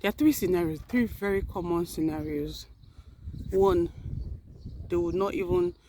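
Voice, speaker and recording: A woman's voice: lowish voice, moderate pace, dark tone. A woman records a casual vlog as she walks toward a park, slightly out of breath. She chats in an earnest way and often stops to correct her own words. Faint outdoor noise sits under her voice. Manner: chatty, earnest, self-correcting. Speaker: vlogger.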